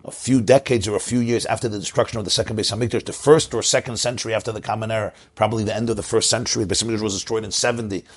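Husky, animated man teaching Torah. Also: rapid-fire, hardly any pauses. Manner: animated, pitch swinging widely between low storytelling and high exclamation. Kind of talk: Torah class.

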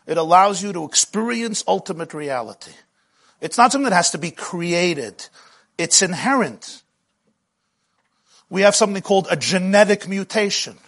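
A middle-aged man teaching a spiritual lecture with a husky, breathy voice that sits somewhat high for a man. His phrasing is rhythmic and repetitive, and he grows impassioned as he builds his points. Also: lively intonation, normal speed, a bit bright. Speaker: Jewish teacher.

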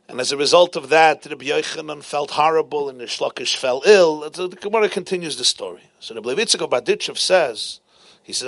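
A man teaching a Talmud lesson as an animated storyteller, driving points home through repetition. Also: on the high side, brisk, gravelly, no echo. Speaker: Torah teacher.

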